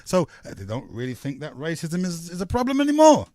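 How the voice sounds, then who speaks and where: A man from hosting a call-in radio talk show, rambling and halting with many fillers. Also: on the high side, huge pitch swings, warm tone, no room sound.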